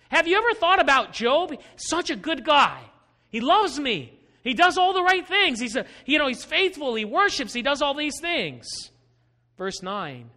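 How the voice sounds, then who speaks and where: High, bright-voiced male preacher. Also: sing-song, measured pace. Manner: patient, questioning, emphatic. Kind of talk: Bible-teaching sermon. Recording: long hall reverb.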